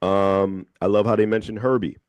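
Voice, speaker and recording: A radio host with a very low voice, speaking in a dry, close studio sound. He talks in a measured, thoughtful way and slows down to stress his points. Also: steady tone, a little mellow, no echo. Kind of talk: casual radio chat. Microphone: studio microphone.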